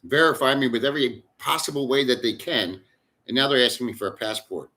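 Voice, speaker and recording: A middle-aged man talks loosely to his live chat from his home in the Philippines. His voice is bright and forceful, and he rambles bluntly with plenty of swearing. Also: mid-range voice, a little fast. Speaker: livestream host. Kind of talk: casual live chat with viewers.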